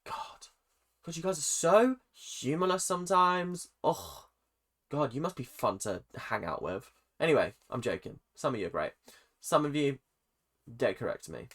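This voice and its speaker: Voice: medium pitch, sharp tone. A British reaction channel host chatting casually and jokingly straight to viewers. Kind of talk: casual reaction vlog chat.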